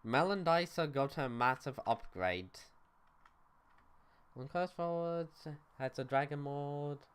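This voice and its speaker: Smooth-voiced man streaming a game. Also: fairly high pitch, slow. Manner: loose and offhand, reads chat aloud, swears casually. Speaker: livestreamer. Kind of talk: casual gaming stream chatter.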